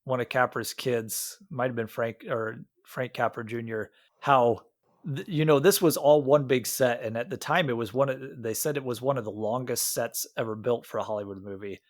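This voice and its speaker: A man's voice: medium pitch, normal speed, no echo, clean studio sound. A man from Iowa co-hosting a podcast, chatting casually about a movie with many fillers and restarts. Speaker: podcast co-host.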